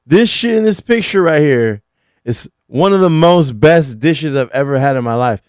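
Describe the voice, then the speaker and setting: A young man talking casually as a vlogger, slangy and excitable, swearing freely and whooping loudly. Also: fairly high pitch, normal speed, smooth, no echo, clean studio sound. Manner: swears casually, many fillers. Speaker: vlogger describing a food trip. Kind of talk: casual chat over photos. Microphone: studio mic.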